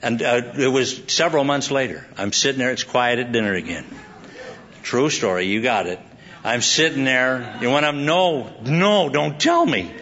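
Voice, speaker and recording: A man's voice: mid-range voice, normal speed, pushed and bright. A man preaching a sermon, telling a rambling personal story with frequent laughter and restarts. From Southern California. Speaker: pastor. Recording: dull lo-fi sound.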